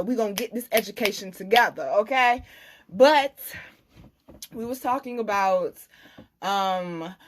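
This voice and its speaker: Woman, tarot reader, blunt, profane, animated. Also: fairly high pitch. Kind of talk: casual tarot reading monologue.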